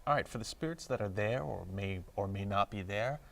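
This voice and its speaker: A man's voice: on the low side, a little fast, gravelly, a little hiss or hum. A man appearing as a paranormal investigator on a TV talk show, thoughtfully explaining his ideas at length. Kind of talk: casual studio chat. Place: public-access TV studio.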